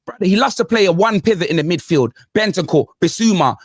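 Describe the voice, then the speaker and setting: A high, wildly swinging male voice, ranting about football on a panel. He fires off slang-laden complaints in a restless rhythm. The sound is dry and close, with no room around it. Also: fast talker, husky, no echo. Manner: animated ranting with London slang. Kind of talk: heated football banter.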